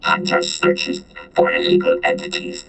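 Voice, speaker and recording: A man gives a heavily acted performance as an ancient sentient vending machine, speaking in clipped, broken phrases through a synthesized, multitonal robotic voice. The sound is deep and gravelly with a multitonal whine, monotone, unhurried, and sharp. Soft background music adds to the ominous mood.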